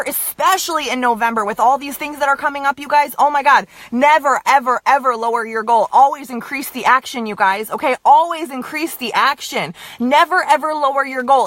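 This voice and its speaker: A woman's voice: high voice, bright, forceful tone, dry recording. A young woman giving a motivational talk to her viewers, emphatic and repetitive, often asking "okay, you guys?". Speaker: direct sales team leader.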